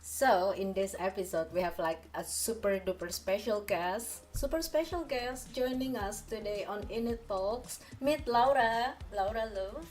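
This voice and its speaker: A woman's voice: medium pitch, measured pace, hardly any pauses, darkish tone. A woman hosting a podcast, talking in a bubbly, casual way full of fillers. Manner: bubbly, filler-heavy chat with many "like"s. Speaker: podcast host.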